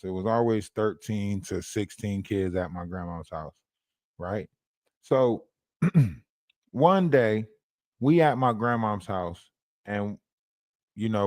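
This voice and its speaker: A man hosting a livestream who tells a story in an animated way and keeps checking in with his chat. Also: fairly low pitch, no echo, clean studio sound. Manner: animated, keeps asking the chat "you hear me?". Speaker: livestream host.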